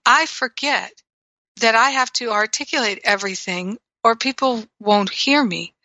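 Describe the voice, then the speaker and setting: A woman's voice: on the high side, unhurried, sharp tone, no room sound, low-quality recording. A woman teaching in a reflective spiritual talk, telling stories and acting out her own reactions. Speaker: spiritual teacher and radio host.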